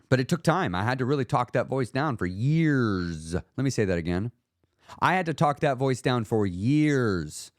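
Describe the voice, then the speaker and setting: Animated man hosting a solo podcast. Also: low voice, no room sound, clean studio sound. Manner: animated, emphatic, acts out quoted voices. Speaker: podcast host and weight loss coach.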